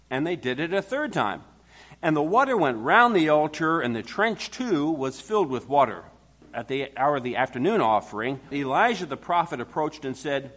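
A male pastor reading a long scripture passage aloud with dramatic emphasis, then starting his sermon. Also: a little high.

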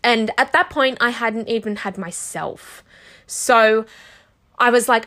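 Bright-voiced woman close to tears. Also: fairly high pitch, lively intonation, takes it slowly. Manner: emotional, heartfelt, full of "like" and "you know". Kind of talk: candid personal monologue.

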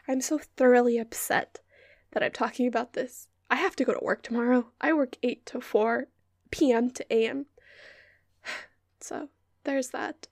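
Young woman podcast host, high voice with gravelly fry, sarcastic profane rants and half-whispered asides, recorded dry and close. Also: steady tone, normal speed, long pauses, darkish tone, no room sound. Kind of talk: casual ranting monologue. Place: hot bedroom at home. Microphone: close-up microphone.

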